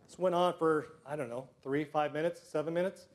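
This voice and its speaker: A middle-aged man telling personal stories to a live audience, self-deprecating, with comic timing and frequent throat clearing. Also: on the high side, steady tone, fairly quick. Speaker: storyteller.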